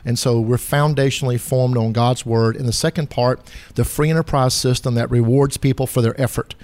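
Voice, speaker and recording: A man's voice: mid-range voice, steady tone, a little fast, a little mellow, no room sound. A middle-aged man from South Carolina with a Southern accent, speaking as a guest author in a casual interview, folksy, earnest and self-deprecating. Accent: Southern American.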